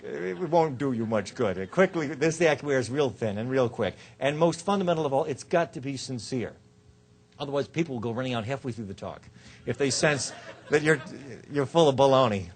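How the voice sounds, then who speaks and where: A man giving a law school lecture on rhetoric, joking and shifting his pitch and loudness often. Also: lively intonation, fairly quick. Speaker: law professor. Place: lecture hall.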